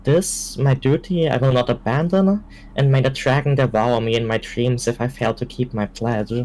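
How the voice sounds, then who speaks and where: A man playing in an online tabletop game, reading a sworn oath aloud in an earnest, measured way over voice chat. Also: medium pitch, a little mellow, low-quality recording. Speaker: player.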